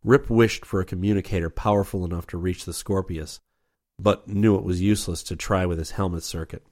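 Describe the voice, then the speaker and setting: A man narrating an adventure audiobook in a steady, measured reading. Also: deep voice.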